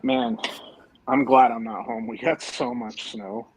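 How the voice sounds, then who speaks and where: A man's voice: medium pitch, very animated, a little slow, creaky, a little hiss or hum, rough recording. A man chatting casually on a podcast, laid-back with dry jokes. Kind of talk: casual group chat.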